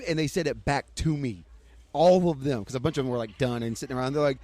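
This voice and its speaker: A man, a podcast guest, telling an excitable story and acting out the voices of people he met. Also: fairly high pitch, quick pace, no echo. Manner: excitable storyteller, acts out what others said. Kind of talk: casual chat.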